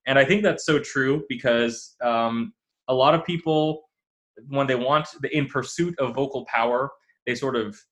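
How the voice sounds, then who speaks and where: A male host guides a casual interview in a relaxed tone. He fills his sentences with frequent ums and uhs. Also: medium pitch, moderate pace. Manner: relaxed, many fillers.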